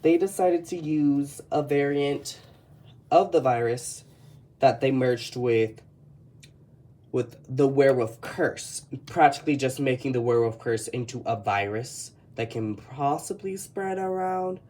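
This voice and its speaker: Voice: medium pitch, measured pace, mellow. A speaker with a Texan accent casually rambling through a tour of their old sketchbook, often stopping to correct themselves. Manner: rambling, self-correcting, chatty. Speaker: artist showing a sketchbook. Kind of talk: casual commentary.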